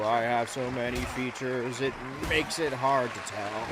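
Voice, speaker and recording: A man's voice: medium pitch, fairly even intonation, unhurried, hardly any pauses, over a noisy crowd, very noisy. A man playing a video game and talking over it with rambling, sarcastic jokes and asides. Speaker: gaming channel host. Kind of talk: let's play commentary.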